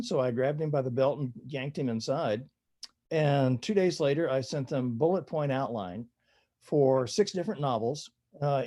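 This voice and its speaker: An older man with a dark, mellow voice, telling stories as a guest on an interview podcast. He talks in a loose, chatty way, pokes fun at himself and laughs at his own anecdotes. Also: fairly high pitch. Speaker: author guest. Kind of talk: relaxed storytelling interview.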